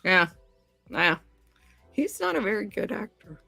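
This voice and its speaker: A woman's voice: mid-range voice, very animated, unhurried, gravelly, bright, forceful tone, soft background music. A woman hosting a casual podcast chat, offhand and loose in how she talks. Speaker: podcast host.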